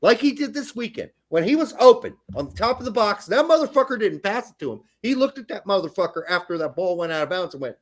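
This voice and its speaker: A man's voice: high voice, very animated, quick pace, few pauses. A man co-hosting a casual soccer podcast, talking in a profane, emphatic way. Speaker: podcast co-host.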